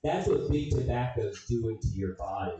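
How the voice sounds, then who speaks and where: Young guy doing standup, swears a lot, pitch jumps all over, boomy room, mic far off. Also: moderate pace. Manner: animated storytelling, swearing, loud funny voices. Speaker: stand-up comedian. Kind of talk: stand-up comedy set. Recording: echoey room, distant mic.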